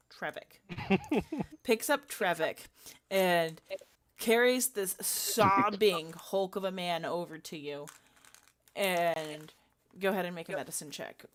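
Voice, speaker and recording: A woman narrating a tabletop game as game master, halting with frequent fillers. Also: lowish voice.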